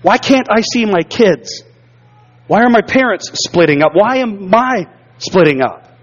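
A man with a fairly high voice preaching from the pulpit, weaving a personal testimony into his sermon. He speaks earnestly and stumbles into repeated words when the memory hits hard. The sound is dull and lo-fi. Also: animated, measured pace, long reverb tail. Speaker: pastor.

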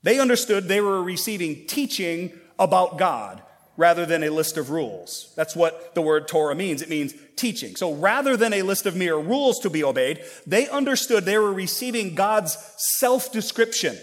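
A high-voiced man preaches a sermon in an earnest, emphatic way, his delivery building in intensity as he stresses key points. His voice carries a long reverb, as if filling a large church sanctuary. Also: expressive, normal speed. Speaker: pastor.

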